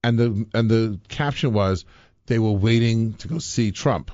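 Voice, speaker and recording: A man's voice: lowish voice, measured pace, a little mellow, dry recording, lo-fi sound. A man hosting a live talk show, rambling and joking with many restarts. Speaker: host. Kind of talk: casual banter on a live show.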